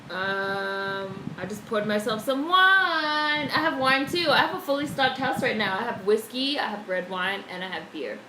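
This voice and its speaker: A woman's voice: fairly high pitch, unhurried, few pauses. A woman chatting casually on a live stream, swearing freely and reading out viewer messages from home. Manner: chatty, swears freely, reads chat aloud. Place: home room, indoors. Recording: echoey room with faint background noise.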